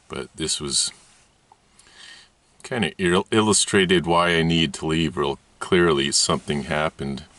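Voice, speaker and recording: A man's voice: rumbling low, a bit bright. A man telling a rambling personal story from his childhood, laughing often as he talks. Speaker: channel host.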